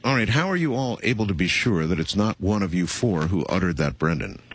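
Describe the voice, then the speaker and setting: A man's voice: low voice, lively intonation, fairly quick, a little hiss or hum. A man hosting a radio interview, asking probing, skeptical questions. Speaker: radio host.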